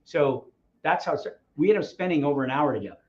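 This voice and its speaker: A man as a podcast guest, telling a story in a casual, animated way and acting out the dialogue. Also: a little high, fast. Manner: animated, acts out quoted dialogue. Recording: slightly muffled audio.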